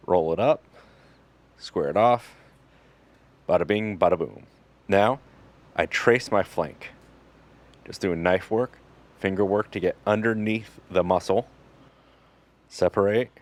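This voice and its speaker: A man working as a butcher who explains his cuts step by step in a casual, instructional way. He talks in a relaxed, joking manner with fillers. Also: low voice.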